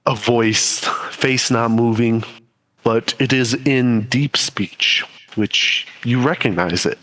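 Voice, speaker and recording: A man narrating a tabletop game as game master in slow, descriptive speech over a voice call. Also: medium pitch, a bit bright. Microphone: voice call microphone.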